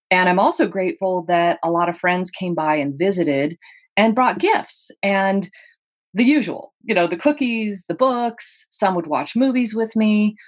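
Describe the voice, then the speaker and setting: A woman with a lowish voice tells her own story in an interview. She speaks earnestly and paints the moments vividly for the listener. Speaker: guest, author.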